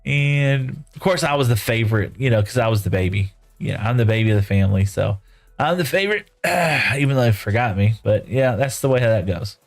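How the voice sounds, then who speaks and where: A man's voice: fairly low pitch, brisk. Middle-aged man, game streamer, chatty folksy storyteller, light music underneath. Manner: folksy, rambling, lots of "you know" and "right?". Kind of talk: casual storytelling while gaming.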